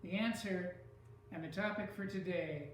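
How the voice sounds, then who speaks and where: A teacher giving a lesson on poetry, speaking slowly and deliberately and sounding out stressed syllables. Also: mid-range voice, slight background noise. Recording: echoey room from far off.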